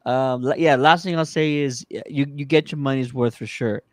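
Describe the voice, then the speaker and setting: A man's voice: medium pitch, fairly even intonation, moderate pace, no echo, studio quality. A man hosting a podcast in casual chat, upbeat and promotional, with frequent restarts. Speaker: podcast host.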